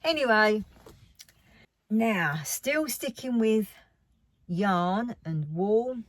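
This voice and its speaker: A woman's voice: medium pitch, expressive, drawn-out words, no echo. A woman chatting casually about her craft haul. She rambles and often drops to a near whisper. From United Kingdom. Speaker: craft vlogger.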